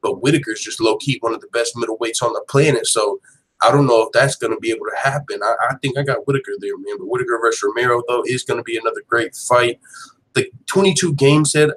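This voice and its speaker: A man hosting a daily MMA show, talking in casual live commentary with slangy, profane, animated banter. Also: mid-range voice, fast, low-quality recording.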